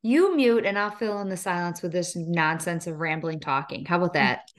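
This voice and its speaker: A woman's voice: lowish voice, normal speed. A woman wellness coach co-hosting a podcast, chatting in a playful, reassuring, talkative way. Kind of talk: casual podcast chat.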